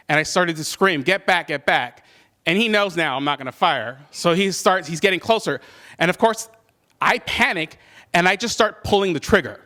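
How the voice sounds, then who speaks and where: A man's voice: a little high, sharp tone. A man telling a personal story live, conversational and self-deprecating, with many fillers. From California.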